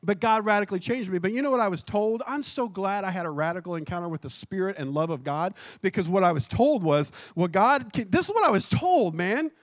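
A man with a high voice preaches a sermon. His delivery is casual and self-correcting, with jokes, but it rises to fervent, shouted passages. The recording is close and dry, with no room sound. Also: animated, quick pace, hardly any pauses, no echo. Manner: impassioned preaching that swells to shouting. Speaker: pastor.

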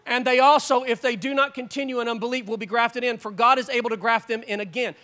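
A man in his forties preaching a sermon as pastor, animated and joking, with sudden loud bursts. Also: extremely high pitch, quick pace, hardly any pauses.

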